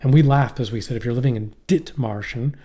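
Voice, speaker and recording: A man's voice: mid-range voice, a little fast, dark tone. A middle-aged man co-hosting a podcast in casual chat, rambling and profane, often trailing off and restarting. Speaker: podcast co-host. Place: poorly heated shack.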